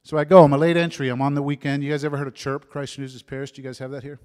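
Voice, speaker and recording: A man in his fifties telling his conversion story as a sermon testimony, shifting from lively storytelling to soft, hushed moments. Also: mid-range voice, racing, smooth. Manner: storytelling, drops to soft whispers at emotional moments. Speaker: preacher giving a testimony. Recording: long hall reverb.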